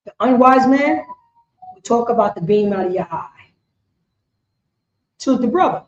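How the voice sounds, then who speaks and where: A woman preaching a street sermon on scripture, talking in an animated, repetitive way and often asking "you know what I'm saying". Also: a little high, unhurried. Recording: echoey, dull lo-fi sound.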